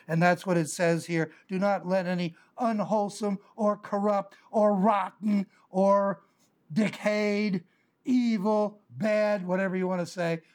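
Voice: mid-range voice, darkish tone. A Bible teacher preaching a sermon, explaining the meaning of Greek words with homely everyday examples. The delivery is earnest, with occasional light chuckles. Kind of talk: sermon with verse-by-verse Greek word study.

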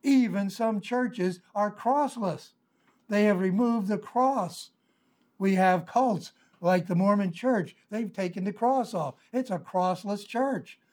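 High-voiced older male pastor teaching. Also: darkish tone. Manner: earnest, explanatory, repeats points with many filler pauses. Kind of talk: verse-by-verse Bible teaching sermon.

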